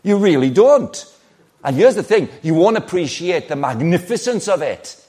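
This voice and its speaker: Animated preacher in his sixties. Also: sits high, normal speed. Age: 60s. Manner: lively, conversational, rhetorical questions, playful asides. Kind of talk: sermon.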